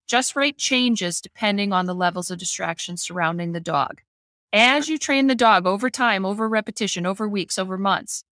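A woman's voice: mid-range voice, a bit bright, no echo, studio quality. Middle-aged woman dog trainer explaining plainly. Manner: explains with homely analogies, acts out family voices. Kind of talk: casual podcast discussion.

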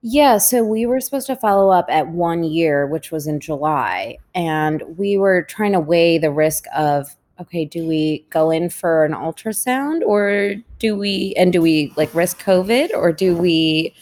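A woman's voice: on the low side, animated, unhurried, hardly any pauses, a little mellow. A woman, a parent of a young patient, recounting her experience in earnest, reflective casual conversation.

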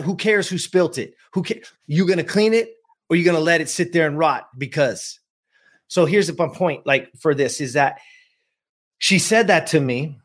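A man in his fifties from the US West Coast, a coach telling a personal story with emphasis and speaking straight to his listeners. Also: a little high. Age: 50s. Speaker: guest, productivity coach.

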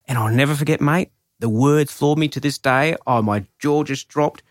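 A man in his forties hosting a podcast, telling stories in an animated way with sudden rises in pitch. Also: moderate pace, hardly any pauses, dry recording, studio quality. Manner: animated storyteller, pitch jumps when excited. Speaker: podcast host. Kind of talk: casual podcast chat.

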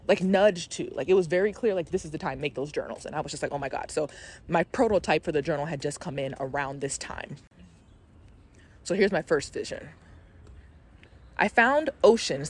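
Candid woman hosting a spiritual podcast. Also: lowish voice. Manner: candid and expressive, swears freely, reads aloud from her journal. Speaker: podcast host. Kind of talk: casual spiritual podcast talk.

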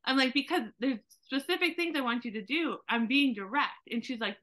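Woman chatting casually, bright tone, acts out little quotes as she tells stories. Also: sits high, brisk, few pauses. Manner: animated storyteller, acts out quotes. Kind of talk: casual conversation.

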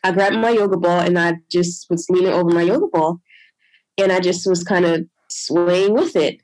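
As an interview guest, a woman animatedly tells a long personal story at a moderate pace, peppered with "I'm like" and "you know." She acts out her own past words in a higher voice, and the recording is dry and rough.

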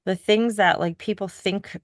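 A middle-aged woman co-hosting a podcast, telling a story in casual chat with soft laughs. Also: mid-range voice, fairly even intonation, a little slow, dry recording, studio quality. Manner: reflective, storytelling, laughs softly between points. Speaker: podcast co-host.

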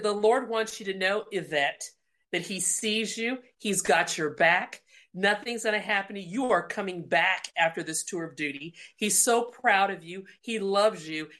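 A woman telling a lively faith testimony, laughing and acting out the voices in her story. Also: mid-range voice. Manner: animated, laughing, acts out dialogue. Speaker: guest speaker. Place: lounge at home.

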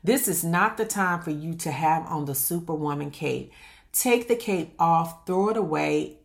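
A woman's voice: sits low, unhurried, vocal fry. A woman coaching successful women on marriage, speaking emphatically and asking many rhetorical questions. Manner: calls listener "honey". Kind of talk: motivational monologue.

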